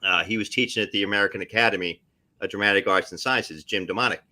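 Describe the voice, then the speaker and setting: A middle-aged actor spins stories in a lively, animated way, ducking into little voices for the people in them. His voice is bright and forceful. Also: lowish voice, quick pace. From New Jersey area. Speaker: actor guest. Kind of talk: casual storytelling on a live stream.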